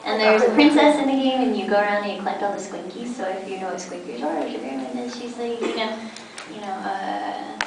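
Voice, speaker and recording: A woman's voice: mid-range voice, lively intonation, fast, crowd noise. A woman voice actress telling chatty, giggly stories on a convention panel. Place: large convention hall. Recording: echoey hall from far off with noise.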